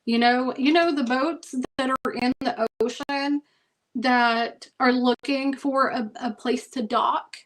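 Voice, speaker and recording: Woman, tarot reader, high voice, casual emphatic chat to viewers. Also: fairly bright tone, low-quality recording. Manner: emphatic, chatty, says okay and y'all often.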